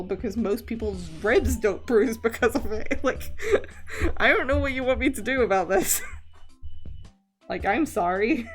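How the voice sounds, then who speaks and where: A young woman streamer chatting casually during a drawing stream, rambling, laughing often and swearing now and then. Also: mid-range voice. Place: home streaming setup. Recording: faint background music.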